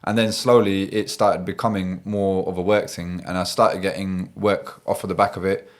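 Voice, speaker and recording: A man in his thirties with a fairly low voice tells his story on a podcast. He is chatty and loose, with lots of fillers and quick asides. He sounds like a working tradesman at ease in the studio. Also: little pitch movement. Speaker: guest, gas engineer. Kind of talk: casual podcast chat.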